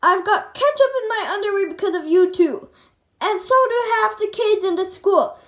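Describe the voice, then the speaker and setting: A boy doing a furious shouting principal. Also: very high-pitched, big pitch swings, unhurried, heavily acted. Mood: angry shouting. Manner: shouting, snarling. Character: grumpy shouting male school principal. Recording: echoey room.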